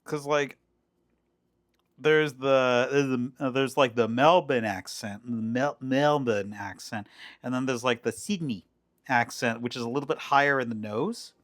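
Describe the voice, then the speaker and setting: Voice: mid-range voice, moderate pace, a bit bright. Chatty cooking streamer, rambling. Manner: rambling, chatty, with many fillers and restarts. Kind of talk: casual chat while cooking. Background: faint background music.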